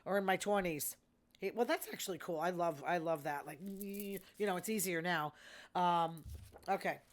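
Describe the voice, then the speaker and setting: A woman's voice: on the low side, normal speed. Chatty gossiping woman host. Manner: chatty, gossipy, amused asides. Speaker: podcast host. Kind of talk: casual gossip commentary.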